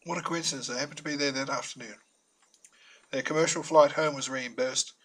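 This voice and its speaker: A man's voice: medium pitch, steady tone, fairly quick, fairly bright tone, low-quality recording. A man narrating a self-published story in a chatty, wry manner with humorous asides.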